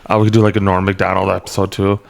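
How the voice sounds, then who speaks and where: A man's voice: low-pitched, flat delivery, very fast, vocal fry. A man in his forties with a Midwestern accent, co-hosting a casual chat in an easygoing, joking way. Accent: Midwestern American. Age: 40s. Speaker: co-host.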